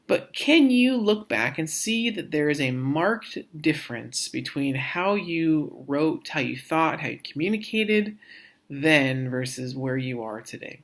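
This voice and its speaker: Guy teaching a recorded class lecture, thinking out loud, lots of restarts and repeated words. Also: on the high side, animated. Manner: reflective, halting, frequent restarts and repetitions. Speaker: instructor.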